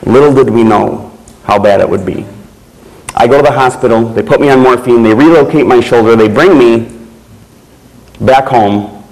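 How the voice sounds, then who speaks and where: Man telling a personal story, measured. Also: medium pitch, a little mellow, rough recording. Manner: slow, measured storytelling with pauses. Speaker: keynote speaker.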